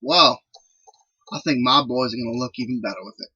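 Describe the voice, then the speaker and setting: A man's voice: medium pitch, fairly quick, pushed and bright, husky, lo-fi sound. A man voicing a smug male wrestling manager in a Southern US accent, needling his rivals.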